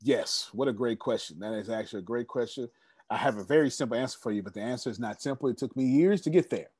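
A man in his forties runs a lively online coaching session, pushing his points with emphatic repetition and easy laughter. His voice is mid-pitched and sits in a dry, close space. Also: fast, husky, no room sound. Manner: emphatic, repetitive, laughs often, hypes the group. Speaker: host of an online business coaching meeting. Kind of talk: lively group video-call coaching.

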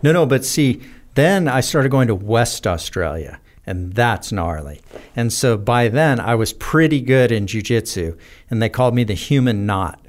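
A man's voice: mid-range voice, moderate pace. Rambling American man telling stories. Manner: rambling, animated anecdotes with many fillers and laughs. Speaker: guest. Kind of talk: casual storytelling in a podcast interview.

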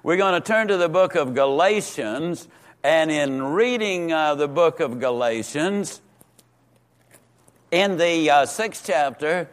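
A man teaching a Sunday school lesson in a folksy, emphatic way, slowing down and repeating words for stress. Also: on the high side, expressive.

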